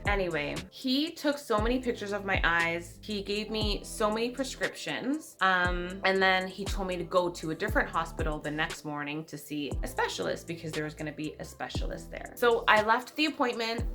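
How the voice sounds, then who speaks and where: A woman's voice: mid-range voice, expressive, normal speed, few pauses, over music. A woman, telling a personal story in a vlog and acting out other people's lines. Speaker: vlogger.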